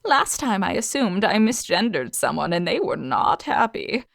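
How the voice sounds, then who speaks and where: A woman's voice: mid-range voice, very animated, moderate pace, vocal fry, dry recording, clean studio sound. A woman reading an audio story, voicing a pushy, flustered alien woman who sells land on Mars, with chatty, overly earnest sales patter. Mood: earnest sales pitch.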